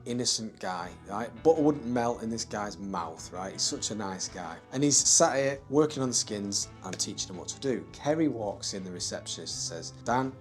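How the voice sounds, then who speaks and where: A man, a tattoo studio owner, telling a story in a lively, conversational way with frequent laughs and tag questions. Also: lowish voice, normal speed, few pauses, faint music behind. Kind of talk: casual storytelling to camera.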